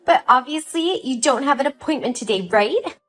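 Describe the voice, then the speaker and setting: A woman puts on a spiteful young sister-in-law in a dramatized story, her voice pitched high and sharp with scorn. She snaps out accusations and dismissals. Faint music sits underneath. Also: expressive, normal speed. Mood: shrill.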